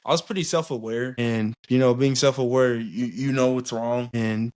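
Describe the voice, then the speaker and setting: A young man in his late teens or twenties, a podcast guest, talking openly and easily with many pauses and fillers. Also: medium pitch, fairly even intonation, a little mellow. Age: young adult. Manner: easygoing, candid, halting with fillers. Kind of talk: casual podcast chat.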